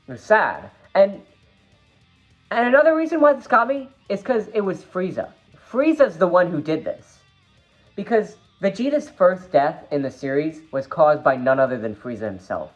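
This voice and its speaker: A woman gives an animated fan review of a film, emphatic and exasperated, her low voice jumping up in pitch whenever she gets upset. The high frequencies in the recording are cut off.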